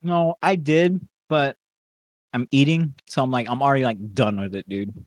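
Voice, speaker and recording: A man's voice: medium pitch, fairly even intonation, normal speed, dry recording. A young man co-hosting a podcast in casual, profane chat while eating. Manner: profane, laid-back, eating while talking. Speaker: podcast co-host.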